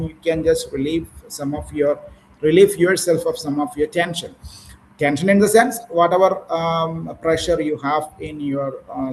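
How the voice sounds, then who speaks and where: A man's voice: fairly high pitch, slight background noise, low-quality recording. A man with an Indian English accent, leading an online speaking practice for teachers, asking patient questions and correcting pronunciation.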